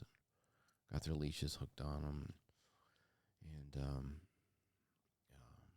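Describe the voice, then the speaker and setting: Very deep, gravelly-voiced man telling his story. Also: a little mellow, no room sound, studio quality. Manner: halting, many fillers and restarts, earnest. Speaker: podcast co-host. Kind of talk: personal storytelling.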